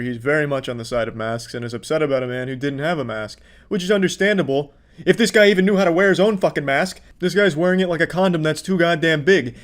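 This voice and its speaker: Mocking, foul-mouthed male commentator. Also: on the high side. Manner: profane, mocking. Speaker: host reacting to clips. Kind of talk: sarcastic commentary.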